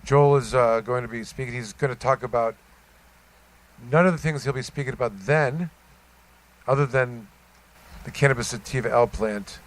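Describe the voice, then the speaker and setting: A man's voice: medium pitch, normal speed, pauses often, poor audio. A man hosting a casual podcast, teasing and joking with his co-hosts. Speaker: podcast host.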